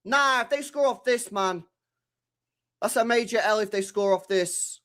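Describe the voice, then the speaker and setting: A young man live-streaming his reaction to a football match, excitable and slangy, shouting at the screen and swearing. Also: high-pitched, a little slow.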